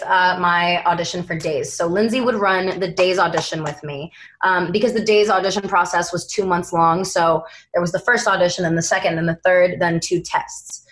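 A young woman, an actress being interviewed, telling dramatic anecdotes in a lively, animated way. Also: lowish voice. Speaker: actress guest.

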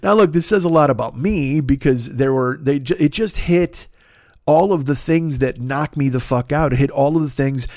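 A man hosting a podcast, ranting in a casual comedic monologue, swearing constantly and jumping into sudden high-pitched outbursts. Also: moderate pace, darkish tone, dry recording, studio quality. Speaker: podcast host.

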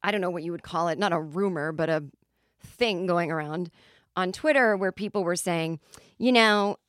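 A woman comic, riffing through a loose podcast monologue that keeps doubling back on itself. Her voice sits a little low for a woman. It is recorded close and dry, with no room sound. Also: no echo. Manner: rambling, self-interrupting storyteller with quick asides. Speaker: podcast host. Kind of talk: casual comedic monologue.

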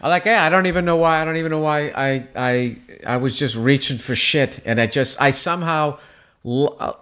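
A man, a stand-up comedian, telling a long story in casual conversation, swearing freely and jumping up high in pitch when he quotes people. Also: brisk, clear, resonant tone. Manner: animated, profane, jumps in pitch when quoting people.

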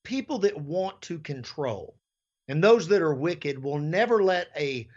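A man's voice: on the high side, sing-song, unhurried, a little mellow, dull audio. A man, a pastor, speaking as an interview guest in a fiery, sermon-like way.

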